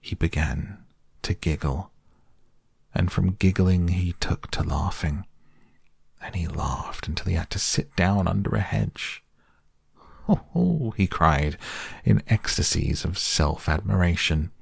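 A man narrating a storybook softly and slowly as a bedtime audiobook, close to the mic. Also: deep voice, steady tone, vocal fry, breathy edge, no echo. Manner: slow, soft, soothing delivery. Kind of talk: soft bedtime audiobook reading.

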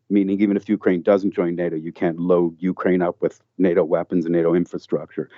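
A man with a fairly low voice talks through his argument earnestly and emphatically, circling back and restarting phrases as he goes. The sound is dry with no room, and slightly muffled. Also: fairly even intonation, brisk, few pauses, no room sound. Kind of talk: conversational political discussion.

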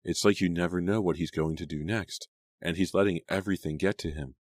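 Male reader doing a blunt teen girl friend, low, dry close sound. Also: fairly even intonation, a little fast, darkish tone, no echo. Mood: concerned. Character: concerned teenage girl, frank best friend.

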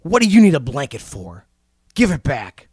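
A man's voice: a little high, big pitch swings, brisk, fairly bright tone, breathy edge, no room sound, heavily acted. A man voicing a greedy, grumbling coyote trickster in a told story, demanding and indignant, in a dry, close sound.

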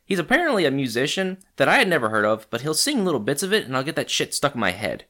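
A man's voice: medium pitch, sing-song, fast, bright, forceful tone. A man in casual podcast chat who swears freely and laughs often. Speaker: podcast co-host.

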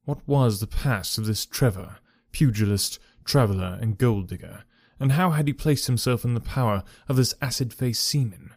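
A man reading a classic detective story aloud in a measured, even way. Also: medium pitch, dry recording, clean studio sound. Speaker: audiobook reader. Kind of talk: scripted narration.

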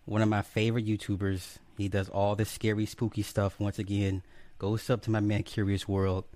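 A man's voice: lowish voice, flat delivery, moderate pace, mellow, no echo. An adult man hosting a casual live stream, joking, swearing freely and greeting viewers by name one after another. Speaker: livestream host. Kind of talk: casual livestream chat.

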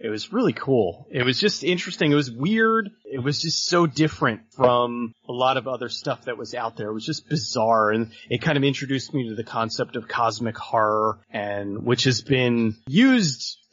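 A man's voice: mid-range voice, expressive, moderate pace, fairly bright tone, breathy edge, no room sound. A man chatting casually on a podcast, rambling and searching for words as he goes. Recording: dry, muffled lo-fi audio.

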